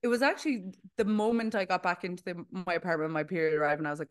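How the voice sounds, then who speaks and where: Animated young woman storyteller. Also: on the low side, quick pace, few pauses, clear, resonant tone. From Ireland. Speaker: podcast co-host. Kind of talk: casual chat.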